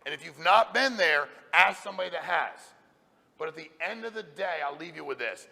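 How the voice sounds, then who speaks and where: Blunt, gravelly-voiced man preaching at a sales event. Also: fairly high pitch, animated, fairly quick, bright, forceful tone. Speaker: company president giving a sales training talk. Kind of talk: motivational speech to a live audience. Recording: reverberant hall sound.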